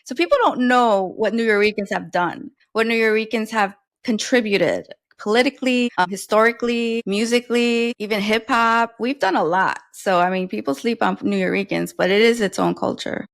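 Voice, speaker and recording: A woman's voice: mid-range voice, normal speed, creaky, few pauses. A woman talks things through as a podcast co-host. She muses, then speaks firmly up for her culture. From New York. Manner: reflective, spirited about her culture. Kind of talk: casual chat.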